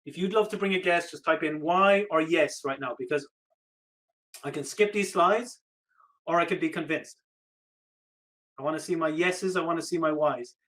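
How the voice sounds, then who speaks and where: A man giving an energetic, persuasive sales pitch on a live webinar, repeating the offer, his voice slightly hoarse. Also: moderate pace, pauses often, poor audio. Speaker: online business coach.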